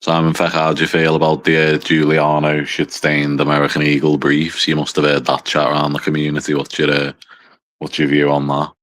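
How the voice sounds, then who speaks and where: A man with a mild northwest English accent from near Liverpool hosts a casual livestream for a small chat. His very deep voice is completely flat, a bit bright and slightly fast, and his banter is dry, self-deprecating, teasing and full of swearing.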